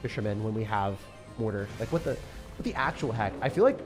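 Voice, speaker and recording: A young man streaming a game live, reacting loudly and then mumbling low as he talks through decks. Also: brisk. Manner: excitable, swings from shouting to low mumbling. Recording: faint music behind.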